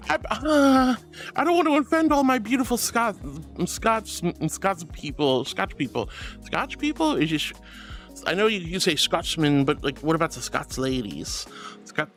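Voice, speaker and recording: High-voiced man, affectionate streamer. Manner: affectionate, calls viewers sweetie and honey; gentle, soft-spoken, hesitant fillers. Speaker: VTuber streamer. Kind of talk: casual livestream chat reading.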